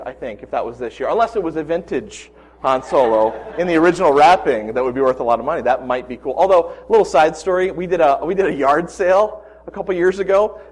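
Male preacher, 40s, slightly high voice, animated storytelling in a sermon. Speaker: pastor. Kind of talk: sermon with personal stories.

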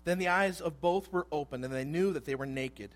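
A man in his thirties preaching a sermon, animated and conversational, dropping to hushed asides and rising to loud emphasis. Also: a little high, a little fast. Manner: animated, acts out voices in quotes, swings between hushed asides and loud emphasis. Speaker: pastor.

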